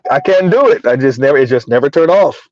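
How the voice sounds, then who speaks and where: A man's voice: mid-range voice, expressive, quick pace, a little mellow, no echo, highs cut off. A man hosting a casual livestream commentary, emphatic and rambling, chuckling between points. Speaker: commentary channel host.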